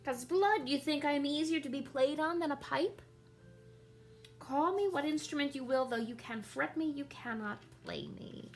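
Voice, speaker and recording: Woman reading a bitter, defiant young prince, raised pitch, gravelly edge, declaimed verse. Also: moderate pace, soft background music. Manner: declaims verse with rising intensity.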